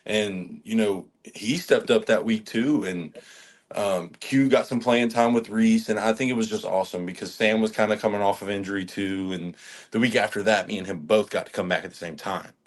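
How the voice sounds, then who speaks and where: Low-voiced young man telling stories. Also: normal speed. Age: 20s. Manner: laughing, storytelling with swearing. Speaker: guest college football lineman. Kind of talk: casual podcast chat.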